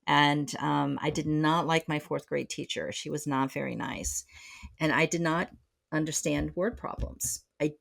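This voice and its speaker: A woman's voice: sits low, steady tone, measured pace, vocal fry. A middle-aged woman speaking as a psychotherapist guest on a podcast, reflective and full of fillers and restarts. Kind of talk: conversational podcast interview.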